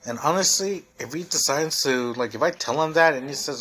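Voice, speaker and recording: Husky young man ranting. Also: fairly high pitch, brisk, fairly bright tone. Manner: heated, profane, rambling with many fillers. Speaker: podcast host. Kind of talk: solo podcast rant.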